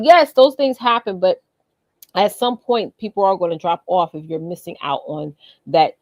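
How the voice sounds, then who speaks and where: An upbeat woman co-hosts a casual business talk show, chatty and quick to laugh. Her voice sits a little low and sounds dry and close to the mic. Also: lively intonation, no room sound. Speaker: co-host.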